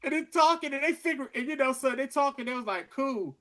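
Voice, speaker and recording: A man co-hosting a podcast, chatting casually as he recaps a TV episode in an animated, slangy storytelling way. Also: extremely high pitch, quick pace. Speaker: podcast co-host.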